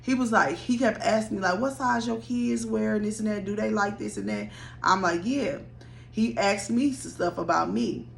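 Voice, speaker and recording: Young woman, blunt and animated, talks straight to her viewers, swears freely; light background hum. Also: medium pitch, moderate pace, vocal fry. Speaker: storyteller. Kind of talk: casual story time.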